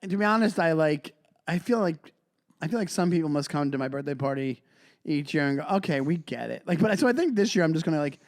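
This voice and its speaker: A man's voice: fairly high pitch, animated, fast talker. A man in his forties co-hosting a podcast, talking in a rambling, self-deprecating way. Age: 40s. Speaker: podcast co-host. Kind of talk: casual chat.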